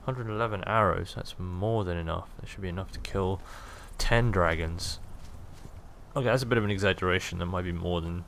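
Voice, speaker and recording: A man's voice: deep voice, a little fast, fairly bright tone, slight background noise. A young man giving casual, jokey, rambling commentary while playing a video game. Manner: jokey, rambling, self-amused. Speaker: gaming video host.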